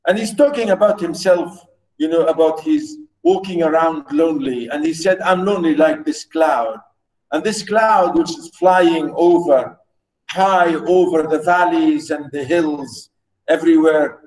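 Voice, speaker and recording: Male lecturer, high voice, unhurried classroom delivery full of fillers. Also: darkish tone, poor audio. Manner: slow, repetitive, with many fillers and restarts.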